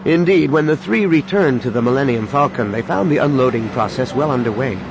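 Gravelly man narrating an audiobook. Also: mid-range voice, brisk, noisy background. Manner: steady, expressive storytelling.

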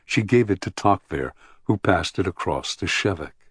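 Deep, husky male audiobook narrator. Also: no room sound, studio quality. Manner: measured, even storytelling.

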